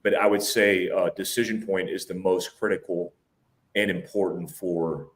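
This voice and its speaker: A man in his forties with a low voice, a former soldier from the United States, answers podcast questions. He explains step by step, plainly and directly. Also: steady tone, normal speed. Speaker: guest, former special forces soldier.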